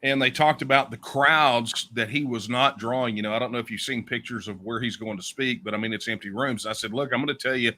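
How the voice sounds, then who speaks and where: A man's voice: mid-range voice, steady tone, a little fast, hardly any pauses, sharp tone, a little hiss or hum. A man, speaking as an interview guest, making emphatic speech-like points and often tagging them with "right?". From Texas. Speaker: guest, secession campaigner. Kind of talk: political interview.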